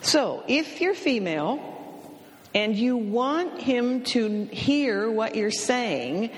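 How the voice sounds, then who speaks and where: A middle-aged woman from California giving a storytelling talk about communication, speaking slowly and deliberately and acting out the voices she quotes. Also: fairly high pitch, very animated, big-room sound.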